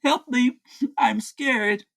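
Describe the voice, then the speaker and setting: A rakugo storyteller voicing a timid young man who fakes terror while secretly hoarding food, in shrill panicked pleading. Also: very fast, gravelly, fairly bright tone. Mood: fake fear. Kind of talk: traditional comic storytelling.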